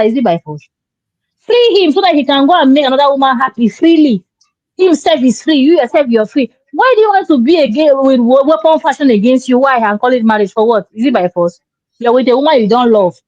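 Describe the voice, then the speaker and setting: A woman's voice: high voice, animated, a little fast, darkish tone, dry recording. A woman giving emphatic, preachy marriage advice in casual talk, acting out quoted dialogue. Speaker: relationship commentator. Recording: dull dry lo-fi sound.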